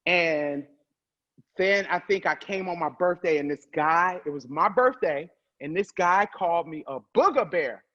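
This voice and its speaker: Profane, animated woman comedian telling stories. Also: fairly low pitch, lo-fi sound. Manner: loud, profane, quick to laugh. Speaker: comedian guest. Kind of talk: animated storytelling.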